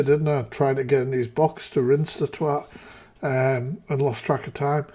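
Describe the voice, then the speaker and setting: A man's voice: fairly high pitch, mellow. Exasperated, swearing streamer man. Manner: exasperated, profane ranting. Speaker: live-stream reaction host. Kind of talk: casual live-stream commentary.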